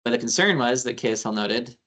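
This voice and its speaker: A man's voice: medium pitch, animated, fairly quick, fairly bright tone. Conversational man giving a civic training. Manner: conversational, tells anecdotes with quoted dialogue, frequent fillers. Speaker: attorney leading a civic training. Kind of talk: casual training talk.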